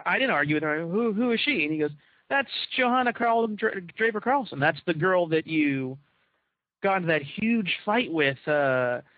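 Guy spinning a story for his cohosts, kinda high voice, acts out the quotes, dull dry lo-fi sound. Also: normal speed, no room sound. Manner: animated, acts out quoted dialogue. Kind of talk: casual storytelling among co-hosts.

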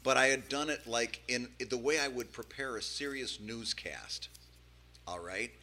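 A man co-hosting a podcast in casual chat, telling stories in an animated, self-deprecating way with many restarts. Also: medium pitch, a little slow. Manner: animated, self-deprecating, repeats words while storytelling. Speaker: podcast co-host.

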